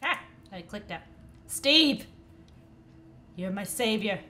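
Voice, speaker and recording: A woman hosting a casual gaming session, excitable and quick to shriek at the screen. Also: medium pitch. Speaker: gaming channel host. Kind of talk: casual game chat. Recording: background noise and mouse clicks.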